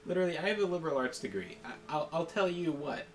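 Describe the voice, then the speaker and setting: A man's voice: on the high side, lively intonation, quick pace, slight background noise. A man chatting casually during a game session, ranting in a profane, rambling way and often breaking into laughter. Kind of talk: casual chat. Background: game music.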